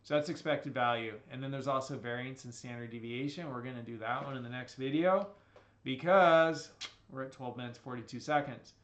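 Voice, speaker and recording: A man's voice: medium pitch, brisk, a bit bright. Man teaching statistics with a slight Southern twang. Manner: conversational, repeats phrases, asks "right?". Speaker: statistics instructor. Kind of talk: recorded lecture. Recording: echoey room.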